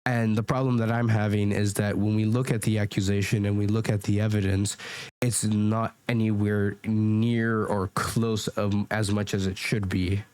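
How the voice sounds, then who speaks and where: A man's voice: lowish voice, little pitch movement, normal speed, darkish tone, smooth, dry recording. A man giving rambling, argumentative commentary while reacting to comments, with frequent restarts, into a desk mic at home. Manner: rambling, restarts and fillers, defensive. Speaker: commentary YouTuber.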